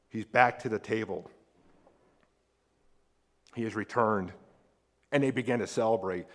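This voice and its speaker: An American man preaching a sermon as a pastor, animated and acting out the people in the story with big jumps in voice. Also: a little slow, pauses often. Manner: animated, acts out quoted characters with big pitch jumps. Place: church sanctuary. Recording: long hall reverb.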